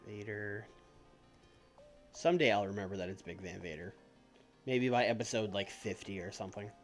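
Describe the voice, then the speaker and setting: A man's voice: fairly low pitch, normal speed. A man streaming a game, talking casually and offhand, thinking aloud and swearing now and then. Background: faint background music.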